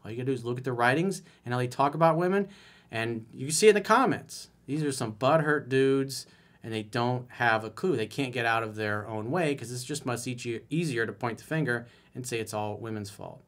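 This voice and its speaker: A man's voice: mid-range voice, lively intonation, a little fast, fairly bright tone. A man giving dating advice as a coach in a solo video, reading a viewer's email aloud and commenting on it bluntly and emphatically.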